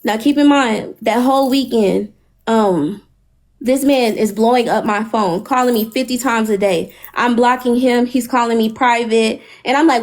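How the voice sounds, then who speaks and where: High-pitched woman telling a story. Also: normal speed. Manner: animated, profane, retells dialogue. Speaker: live stream host. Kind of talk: casual storytelling chat.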